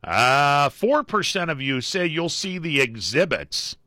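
Middle-aged male talk-radio host, dry studio sound, bright animated delivery, wry and joking. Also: on the high side, takes it slowly, no echo. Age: middle-aged or older. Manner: wry, joking, with frequent fillers. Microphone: studio microphone.

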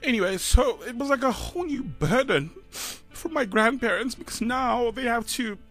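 A high-voiced South African man in his thirties talks on breakfast radio in a halting way, sighing often and close to tears. Soft music sits faintly beneath him. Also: animated. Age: 30s. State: choked up. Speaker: radio co-host. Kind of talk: emotional radio chat.

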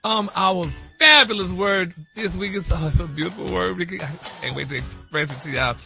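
A man's voice: high-pitched, brisk, vocal fry, pushed and bright, lo-fi sound, faint music behind. A man presenting a word of the week on a radio morning show, chatty and stumbling over a hard word.

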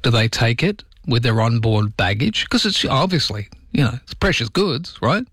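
A man's voice: mid-range voice, expressive, normal speed, fairly bright tone, breathy edge, no room sound, studio quality. A man hosting a radio show, chatting casually and keeping asking his listeners rhetorical questions. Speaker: radio host. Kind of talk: casual talk radio chat. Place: radio studio. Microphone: studio microphone.

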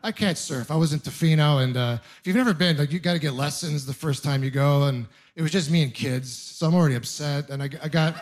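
A man's voice: on the high side, fast talker, hardly any pauses. A young man doing a stand-up comedy set, telling self-mocking stories in a loose, chatty way with frequent laughs. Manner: conversational, self-deprecating storytelling with laughs. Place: live comedy venue with audience.

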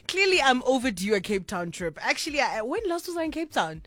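South African woman, late-night radio host, bubbly, a touch high, dry studio sound. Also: very animated, fairly quick, hardly any pauses, a bit bright, no echo. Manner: bubbly, chatty, laughs often. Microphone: studio microphone.

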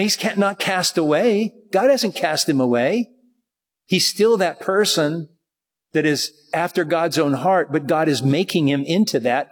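A man's voice: fairly high pitch, breathy edge, in a large hall. A man preaching a sermon in a conversational way, often restarting his sentences. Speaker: pastor.

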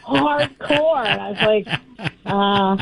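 An older woman, a grandmother, telling animated stories as an interview guest, laughing often and acting out what others said. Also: mid-range voice, slow pace, vocal fry, husky. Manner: animated storyteller, laughs often, acts out quotes. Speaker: guest, nonprofit founder. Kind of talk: conversational storytelling interview. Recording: tinny phone-line sound.

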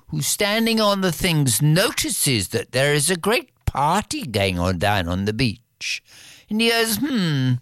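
A storyteller telling a fairy tale in an animated, expressive way, with playful repetition. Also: medium pitch, no echo, studio quality.

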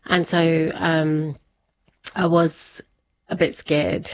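A woman's voice: sits low, level tone, drawn-out words, a little hiss or hum. Chatty woman telling a family story. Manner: chatty, laughs often, quotes family members. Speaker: interview guest. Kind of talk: personal storytelling in an interview. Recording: slightly dull lo-fi sound.

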